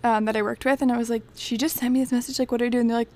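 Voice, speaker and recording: A young woman tells a story as co-host of a chatty podcast. Her voice sits a little high, and she is lively and animated. Her talk is loose and casual, and "like" turns up all the time. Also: rapid-fire. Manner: animated storyteller, heavy use of "like". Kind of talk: casual chat.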